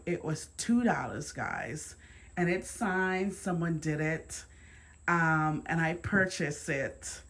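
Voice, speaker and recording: A woman with a Jamaican accent chats to her camera from a dining room at home, taking her time over every word. Her voice is bright and forward, pitched a little low. She loops back on her words and bursts into excited exclamations. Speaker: home decor vlogger. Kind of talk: casual chat to camera.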